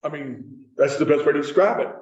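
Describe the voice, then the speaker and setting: A middle-aged man with a Kentucky accent speaks in a fairly high voice as he gives a casual talk to a live audience. He rambles through his stories and keeps correcting himself. He sounds far from the mic in an echoey room, and the recording is dull. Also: fairly quick, darkish tone. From Kentucky, USA. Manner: chatty storyteller with frequent restarts and self-corrections. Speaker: author and screenwriter giving a talk.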